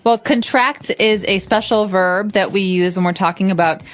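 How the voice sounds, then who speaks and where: A woman's voice: mid-range voice, moderate pace. A woman co-hosting an English lesson, patiently explaining vocabulary. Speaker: English teacher.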